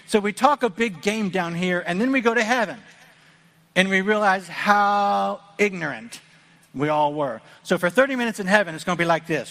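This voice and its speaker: Man, middle-aged pastor, from the Midwest, sermon, conversational and earnest, slightly high voice, long church-hall reverb. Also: expressive, normal speed, creaky, a bit bright. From American Midwest. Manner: earnest, conversational preaching with repeated restarts.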